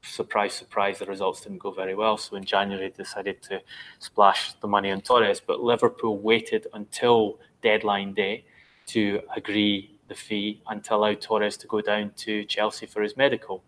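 Low, flat-voiced man analyzing football. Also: moderate pace, rough recording. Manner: hesitant, frequent ums, analytical. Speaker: football pundit. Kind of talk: casual podcast discussion.

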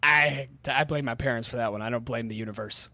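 A man's voice: medium pitch, fairly quick, pushed and bright, no room sound. A man from Michigan chatting casually, swearing and joking about himself. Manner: swears, self-deprecating. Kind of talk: casual chat.

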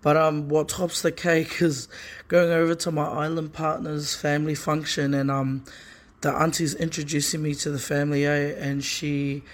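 Higher-voiced guy, kinda incredulous storytelling. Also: little pitch movement, normal speed. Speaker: listener sending in a story. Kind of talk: recorded voice message.

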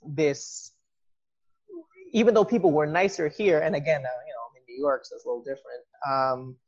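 A host in a casual conversation with a mid-range voice, speaking reflectively and padding thoughts with fillers and asides. The recording is dull and lo-fi. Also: mid-range voice. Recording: dull lo-fi sound.

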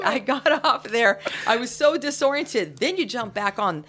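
A woman's voice: medium pitch, moderate pace, hardly any pauses, a little hiss or hum. Profane, laughing woman in her sixties. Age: 60s. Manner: profane, laughing, animated storyteller. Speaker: guest, host's mother. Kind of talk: casual podcast storytelling.

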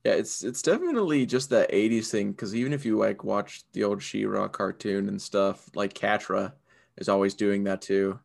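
A man co-hosting a podcast, chatting in a relaxed, rambling way with lots of fillers. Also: on the low side, moderate pace, creaky. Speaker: podcast co-host. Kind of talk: casual chat.

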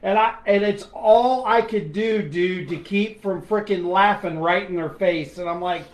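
A high-voiced man talks bluntly and with salty language about his days on the force. His voice rings out in a roomy, echoing space. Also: a little slow. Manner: blunt and salty, swears casually. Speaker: guest, retired police sergeant. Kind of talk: casual chat. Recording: echoey room.

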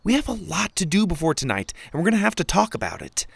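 A man's voice: high-pitched, huge pitch swings, fast talker, gravelly, breathy edge, dry recording, pitched above the performer's own voice, exaggerated voice. A man voicing a spirited young girl who is bold, protective and insistent. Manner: urgent, insistent pleading.

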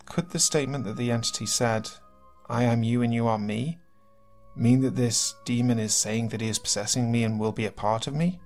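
A man reading submitted horror stories aloud as narrator, in steady, earnest storytelling. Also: mid-range voice, brisk. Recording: faint music behind.

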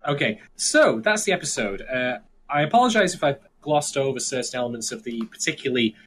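A man hosting a casual podcast, talking in a measured, hedging way with many fillers. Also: mid-range voice, sing-song, a bit bright, a little hiss or hum. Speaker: podcast host summarizing the episode.

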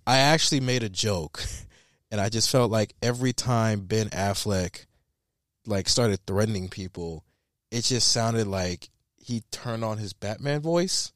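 A man hosting a casual film review chat, animated and profane, laughing often and restarting his sentences. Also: fairly low pitch, unhurried, no room sound, studio quality. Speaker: podcast host reviewing a film.

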